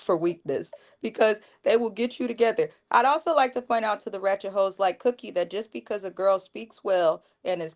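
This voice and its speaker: A woman from the Bay Area chatting as co-host on a livestream, blunt and profane. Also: medium pitch. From Bay Area, California. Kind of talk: casual livestream chat.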